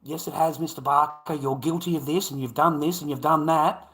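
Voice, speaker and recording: A man's voice: on the high side, fairly even intonation, a little fast, fairly bright tone. A man voicing an accusing, lecturing female caseworker.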